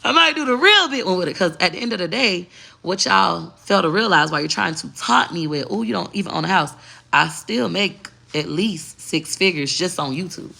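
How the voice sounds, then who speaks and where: A woman's voice: on the low side, animated, normal speed, vocal fry, pushed and bright. A woman content creator in a casual, heavily profane vlog rant, talking straight to her viewers and moving between slang and a proper voice. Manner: emphatic and preachy.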